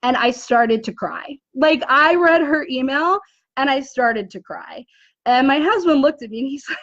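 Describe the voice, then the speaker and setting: Woman, 40s, business coach, high-pitched and chatty, dry dull recording. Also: moderate pace, dry recording. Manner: chatty, animated, says "right?" often. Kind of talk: casual live video talk. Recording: dull, muffled dry audio.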